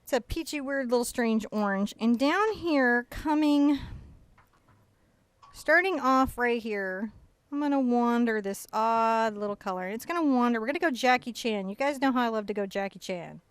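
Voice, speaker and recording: A woman's voice: fairly high pitch, moderate pace, dry recording. A woman hosting a live painting tutorial, chatty and playful, guiding step by step. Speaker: painting instructor and host. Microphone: new headset-style mic.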